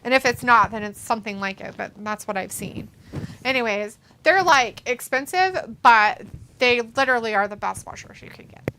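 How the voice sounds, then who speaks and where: Casual co-host: woman, bright and a bit high, blunt and profane, chatting at home. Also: moderate pace, slight background noise. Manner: blunt, swears freely. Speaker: co-host of a watch-along. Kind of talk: casual chat. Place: home, indoors.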